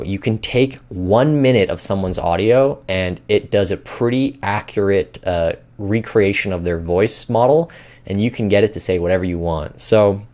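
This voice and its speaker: A man's voice: sits low, a little mellow. A man hosting a finance news show, talking in loose, rambling casual commentary with many fillers.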